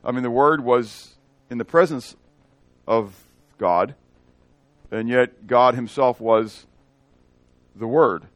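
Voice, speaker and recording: A mid-range male voice moves slowly, leaving long pauses, in this echo-free clip of a pastor's verse-by-verse expository sermon. He's animated, asking the congregation questions and playing out the dialogue in varied voices.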